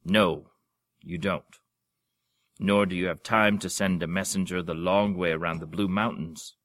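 A man's voice: low voice, fairly even intonation, unhurried, a bit bright. A man doing a roaring old warrior duke. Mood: serious. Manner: roaring, blunt. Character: gruff old burly duke, blustering warrior.

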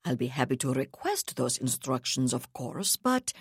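A woman's voice: a bass voice, big pitch swings, normal speed, slightly rough, dry recording, clean studio sound, voice pushed down, full character voice. A woman voicing an arrogant, scheming male colonial governor who speaks coldly and condescendingly. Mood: haughty. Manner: cold, inflexible, condescending.

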